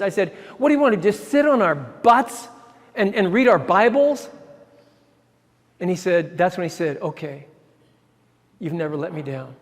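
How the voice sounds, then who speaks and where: A man, a ministry founder, telling a personal story in an excitable way, often restarting his sentences and chuckling. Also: sits high. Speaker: ministry founder giving a talk. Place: church hall. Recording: long hall reverb.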